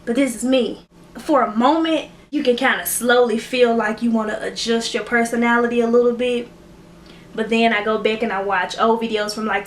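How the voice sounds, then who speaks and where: A woman YouTuber with a higher-pitched voice chats emotionally and gratefully to the camera in a casual home vlog. She's in a room at home lit by a ring light, and there's reverb and slight background noise.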